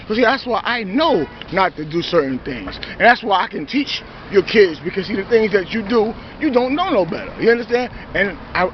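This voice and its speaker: A dull, lo-fi recording with a little hiss or hum captures a New York man's high voice as he preaches at his viewers. The self-styled preacher is confrontational, repeatedly saying "you know" and "see."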